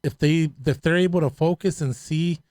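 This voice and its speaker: A man who hosts a talk show and works as a DJ, speaking casually in halting, rambling sentences with many restarts. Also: on the high side, steady tone, darkish tone, no room sound. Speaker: host and DJ. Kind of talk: casual chat.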